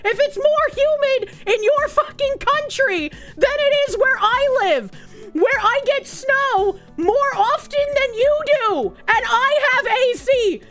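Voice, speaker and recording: A woman's voice: extremely high pitch, animated, takes it slowly, a bit bright, soft background music. A woman from New England chatting casually on a live stream, reading chat messages aloud. She is brash and profane and laughs often.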